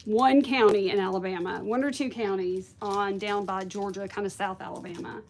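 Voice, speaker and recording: A woman's voice: medium pitch, fairly even intonation, moderate pace. A woman hosting a casual craft livestream, chatting with viewers and thinking aloud. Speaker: craft video host.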